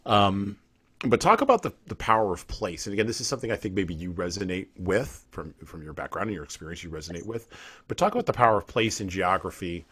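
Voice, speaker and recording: A man's voice: deep voice, fairly bright tone. A man hosting a podcast, framing reflective questions for his guest and checking in with "right?". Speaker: podcast host. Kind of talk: interview questions.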